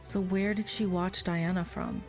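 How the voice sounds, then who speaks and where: A woman's voice: on the low side, steady tone, a little slow, soft background music. A woman casually commenting on a game, amused and thinking aloud. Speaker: gameplay streamer. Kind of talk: let's-play commentary.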